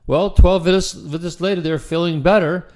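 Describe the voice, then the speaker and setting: A man's voice: high-pitched, steady tone, moderate pace, a little mellow. A middle-aged man coaching chiropractors in a casual, conversational style that often repeats words and restarts sentences. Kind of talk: casual instructional talk.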